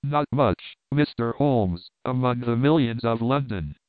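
A blunt, unsentimental police inspector talks in a matter-of-fact way, as a male narrator puts him on. The sound is dry and thin like a phone line, the voice itself smooth. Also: medium pitch, animated, unhurried, no echo, natural voice.

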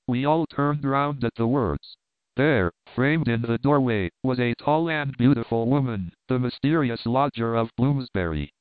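A man reading a classic story aloud as narrator, in steady, clear storytelling. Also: mid-range voice, unhurried, no room sound. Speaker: audiobook reader. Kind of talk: scripted narration. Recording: dry tinny phone-like sound.

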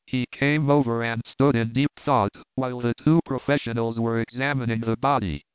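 A man reading a classic story aloud as narrator, in steady, clear storytelling. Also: mid-range voice, normal speed, no room sound. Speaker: audiobook reader. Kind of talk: scripted narration. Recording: dry tinny phone-like sound.

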